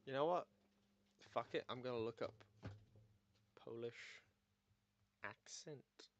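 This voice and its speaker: A man streaming while he edits video, muttering low-key, deadpan asides. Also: takes it slowly, highs cut off, a little hiss or hum. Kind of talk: casual streaming chat while editing.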